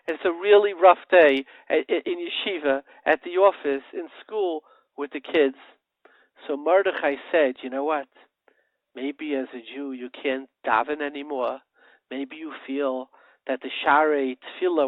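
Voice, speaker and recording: Rabbi, male, animated storyteller, slightly high voice, dry phone-line sound. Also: no room sound. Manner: animated storyteller with sudden emphatic rises; mixes English with Hebrew and Yiddish terms. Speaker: rabbi giving a Torah talk. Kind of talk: short Torah talk for a holiday.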